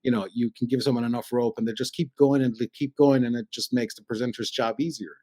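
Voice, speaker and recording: A mellow, medium-pitched voice with a steady tone belongs to an Irish radio presenter from Cork. Talking fast as a podcast guest, he rambles chattily through stories, often saying "you know," with no echo.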